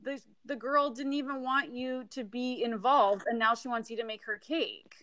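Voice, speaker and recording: A woman's voice: fairly high pitch, fairly even intonation, moderate pace, background noise. A woman co-hosting a podcast, chatting casually and asking puzzled follow-up questions. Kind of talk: casual chat.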